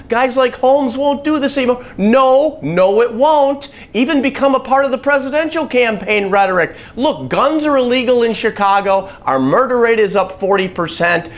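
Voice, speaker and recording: A man with a fairly high voice delivers an opinionated vlog commentary. He talks bluntly and sarcastically, hammering each point home with emphasis. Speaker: vlogger. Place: Chicago.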